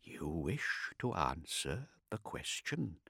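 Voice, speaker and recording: A man voicing a courtly, slow-spoken old astropath. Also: fairly low pitch, very animated, no echo, clean studio sound, voice pushed up, heavily acted. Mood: soft, probing. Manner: slow, soft and measured, courtly. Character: old male astropath, nervous, courtly, solemn.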